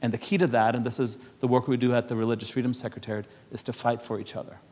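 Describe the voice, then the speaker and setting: A man's voice: mid-range voice, flat delivery, racing, darkish tone. A man from Europe speaking to an audience in a conversational way, telling anecdotes with frequent laughs and repeated words. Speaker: speaker at a public panel.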